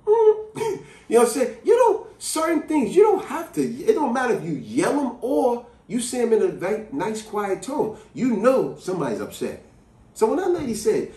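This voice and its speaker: A man vlogger tells a story in an emphatic, chatty way. His voice rises and falls with feeling and sits a little high for a man. The sound is roomy and distant. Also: moderate pace. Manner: animated, emphatic, conversational. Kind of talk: storytelling to camera. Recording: echoey room, distant mic.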